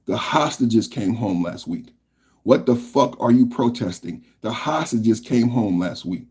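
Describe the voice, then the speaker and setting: Man, husky voice, angry profane political rant, mid pitch. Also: lively intonation, measured pace, darkish tone. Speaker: podcast host reacting to clips.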